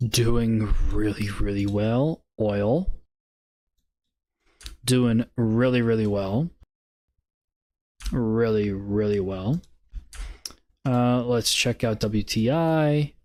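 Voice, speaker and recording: Slow-talking man reviewing charts. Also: lowish voice, a little mellow. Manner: laid-back, muttering, bursts of swearing laughter. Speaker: trading stream host. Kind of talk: casual live-stream market commentary.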